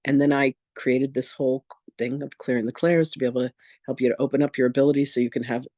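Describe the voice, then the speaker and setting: A man and reverend teaching in an online masterclass, telling personal stories in a candid, animated, casual way. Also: medium pitch, fast, no room sound, studio quality. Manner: animated, acts out quoted voices, casual and candid.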